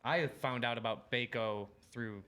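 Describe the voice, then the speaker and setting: Slight background noise sits under a medium-pitched, unhurried voice that sounds pushed and bright. He's an Illinois pro BMX rider in his thirties, chatting as a podcast guest in a laid-back, heavily profane way and quoting exchanges in his stories.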